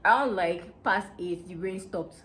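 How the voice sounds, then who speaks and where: A young woman from Delta State with a Nigerian accent, telling a casual story to her viewers in an animated, excitable way that often breaks into laughter. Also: lowish voice, measured pace, slight background noise. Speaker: vlogger.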